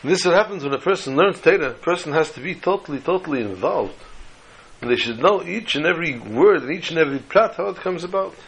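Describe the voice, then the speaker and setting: A man teaching a Torah class, telling a story and drawing slow, emphatic lessons from the text. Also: a little high, lively intonation, creaky, husky, rough recording. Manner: storytelling, acting out dialogue with slow emphatic phrases.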